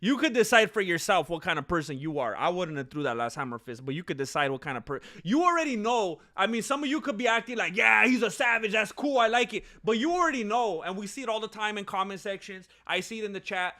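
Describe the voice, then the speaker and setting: A man giving casual live fight commentary as a streamer, chatty and animated, with many fillers and asides. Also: sits high, quick pace, few pauses.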